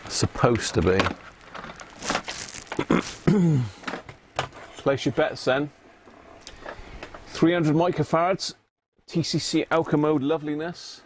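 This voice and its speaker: A man's voice: fairly high pitch, slow, pauses often, background noise. A man hosting a live stream, chatting casually to viewers by name and muttering to himself as he works. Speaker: live-stream host repairing electronics. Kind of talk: casual live-stream chat while working.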